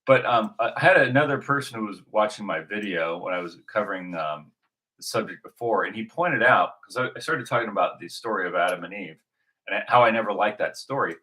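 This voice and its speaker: A bright, low-pitched man rambling thoughtfully. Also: expressive, fairly quick, poor audio. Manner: rambling, thinking aloud with frequent restarts. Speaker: video host. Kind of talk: unscripted spoken reflection.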